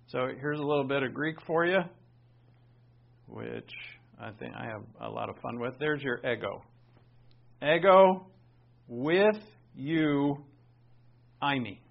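A man preaching a sermon, animated, swinging between emphatic bursts and quiet asides. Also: mid-range voice, slow pace, gravelly, pauses often. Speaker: pastor. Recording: dull lo-fi sound.

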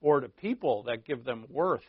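A man preaching a sermon, telling stories with animated acted-out quotes and laughing at himself. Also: mid-range voice, normal speed, slightly rough, dry recording. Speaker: pastor. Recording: dull, dry lo-fi recording.

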